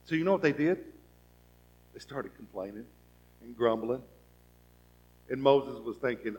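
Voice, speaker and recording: A man preaching a sermon as pastor, asking the congregation rhetorical questions and acting out people's thoughts, swinging from soft to loud. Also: mid-range voice, unhurried, pauses often, dull audio.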